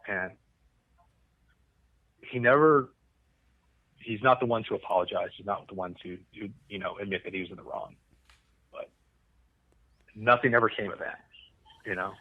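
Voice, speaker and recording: A Coast Guard veteran telling a rambling, profane story in casual conversation. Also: male voice, lowish voice, normal speed, long pauses, dry recording, narrow, tinny audio. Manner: rambling, profane, restarts often.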